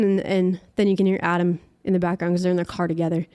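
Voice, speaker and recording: A woman's voice: lowish voice, fairly even intonation, fast, mellow. A young woman, a podcast guest, chatting through a personal story and peppering it with "like". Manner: chatty, heavy use of filler "like".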